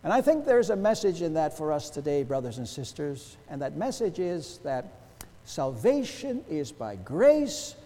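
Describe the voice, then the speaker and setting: Male pastor, higher voice, very animated delivery, sermon with long church echo. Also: a little slow. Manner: emphatic, rhetorical questions, wide swings in loudness. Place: church sanctuary.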